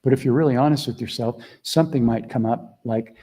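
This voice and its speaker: A middle-aged man leads a group call as a mentor, his mellow, warm voice sitting in an ordinary middle register. He talks earnestly and conversationally, dropping into quiet asides before leaning hard on his key points. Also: medium pitch, a little fast, few pauses. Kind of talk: casual teaching talk.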